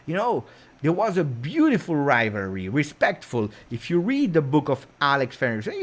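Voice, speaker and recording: Animated Italian-accented football streamer. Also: male voice, a little high, moderate pace. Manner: animated, chatty, many fillers. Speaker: football channel host. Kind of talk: casual livestream chat.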